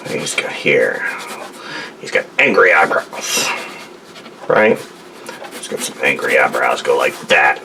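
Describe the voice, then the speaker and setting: With a bass voice full of big pitch swings, this male artist speaks slowly, creakily and with long pauses, his tone bright and forceful. He's at his home studio desk giving a casual, rambling drawing demonstration, joking and talking to himself as he goes, over slight background noise.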